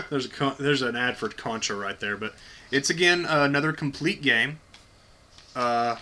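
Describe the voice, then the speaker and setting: A man's voice: medium pitch, normal speed, pushed and bright. A man hosting a casual unboxing video, talking bluntly and enthusiastically with plenty of swearing. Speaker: video host.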